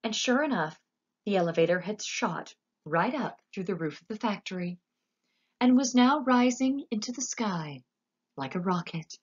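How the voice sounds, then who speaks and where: A woman narrating a children's story with an expressive, animated reading. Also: medium pitch, moderate pace, husky, muffled recording. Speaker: audiobook narrator.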